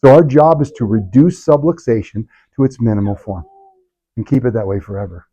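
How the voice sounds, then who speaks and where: A man's voice: mid-range voice, brisk, dark tone, slightly rough, dull audio. A middle-aged man, a chiropractor, leading a live workshop with punchy talk, sarcastic asides and constant rhetorical questions.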